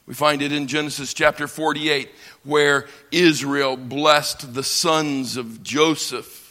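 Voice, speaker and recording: A man from the United States teaching a lecture on scripture, slow and emphatic, pausing for effect and building his lines up. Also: on the high side, fairly even intonation, pushed and bright. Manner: slow, emphatic delivery with dramatic pauses and swells. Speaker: Bible teacher. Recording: long reverb of a large hall.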